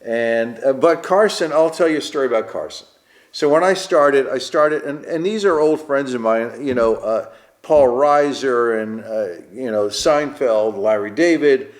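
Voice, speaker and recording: A man's voice: medium pitch, measured pace. A man, a stand-up comedian telling stories in a casual interview and acting out the voices of the people he quotes. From Queens, New York. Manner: animated storyteller, acts out quoted voices.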